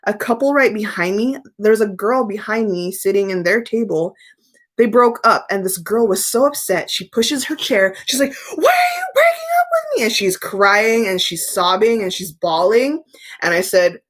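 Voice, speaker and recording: A young woman chats loosely on her live stream about tarot, reading out viewer questions as they come in. She answers frankly and easily, like she is talking with friends. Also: medium pitch. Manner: chatty, candid, reads viewer questions aloud and answers them.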